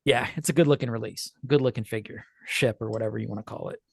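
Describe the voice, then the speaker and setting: A man's voice: medium pitch, steady tone, fast, gravelly, breathy edge, dry recording, studio quality. A man co-hosting a podcast in casual chat, joking and laughing often. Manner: jokey, laughs often, does goofy voices. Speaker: podcast co-host.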